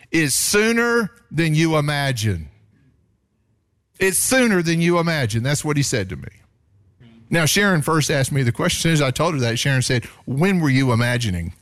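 A male pastor preaching a sermon, his voice jumping up on points of emphasis. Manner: animated preaching, pitch rising sharply on emphasis.

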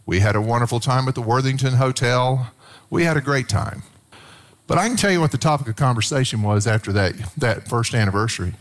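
Animated preacher man. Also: mid-range voice, moderate pace. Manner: animated storytelling, acts out quotes. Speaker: pastor. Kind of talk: sermon.

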